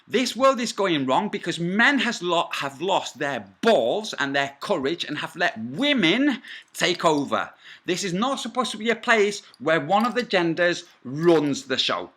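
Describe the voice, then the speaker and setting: A man's voice: high voice, sing-song, a little slow, fairly bright tone. A man telling an angry first-person story for a vlog, combative and profane, with rambling asides. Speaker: vlogger.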